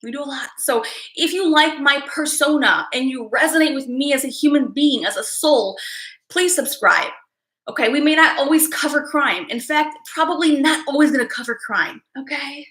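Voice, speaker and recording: A woman's voice: sits high, normal speed, sharp tone, roomy sound, rough recording. A woman psychic hosting a live stream, talking casually and emotionally to viewers, rambling with sighs and restarts.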